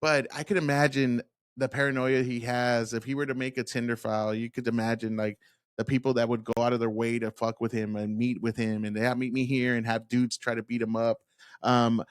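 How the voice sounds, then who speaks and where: A man's voice: mid-range voice, no echo, studio quality. A man giving casual, worked-up reaction commentary on interview clips, blunt and profane.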